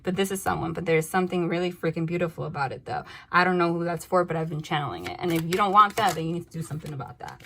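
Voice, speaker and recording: A woman's voice: on the low side, fast talker, vocal fry, slight background noise. Blunt, swearing woman reading tarot. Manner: blunt, swears freely, laughs, animated asides. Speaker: tarot reader.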